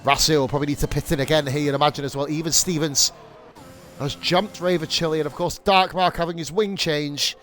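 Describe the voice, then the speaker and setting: A young man streaming live sim-racing commentary, excitable and rambling, swearing freely and going off on rants. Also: on the high side, brisk, slight background noise. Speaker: league streamer and race commentator.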